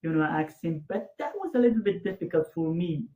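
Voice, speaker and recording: A man hosting an interview in casual chat, talking haltingly and searching for his words with many restarts. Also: fairly high pitch, sing-song. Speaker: interviewer host. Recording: tinny phone-like line, echoey room.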